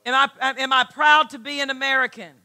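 A woman's voice: high-pitched, steady tone, brisk, bright, forceful tone. A woman pastor preaching a sermon, emphatic and full of rhetorical questions.

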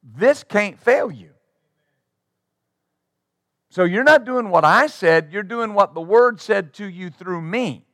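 A man's voice: sits high, expressive, slow, pauses often, a bit bright, no room sound, clean studio sound. A man preaching a sermon as pastor, emphatic and acting out the replies of the people he quotes.

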